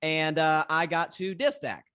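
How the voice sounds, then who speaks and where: A man's voice: on the high side, a little slow, pushed and bright, smooth, no echo, studio quality. A man from the American South, a podcast guest talking sports in an emphatic, conversational way. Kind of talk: casual podcast chat.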